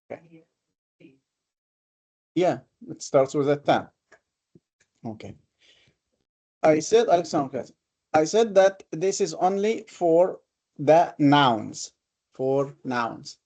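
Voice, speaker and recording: A man's voice: fairly high pitch, warm tone. A man teaching a classroom lesson on Quranic reading. He talks patiently, explains step by step and repeats his examples. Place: classroom with a board.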